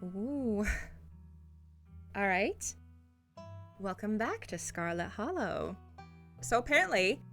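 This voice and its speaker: A woman's voice: medium pitch, fairly bright tone. A young adult woman casually talking through a story game as a streamer, chatty, swearing and laughing often. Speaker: let's play streamer.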